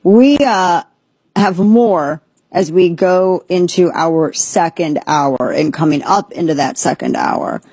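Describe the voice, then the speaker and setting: Husky-voiced woman hosting talk radio. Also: on the low side, takes it slowly, warm tone, no echo. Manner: incredulous, joking, trailing restarts. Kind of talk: casual on-air commentary.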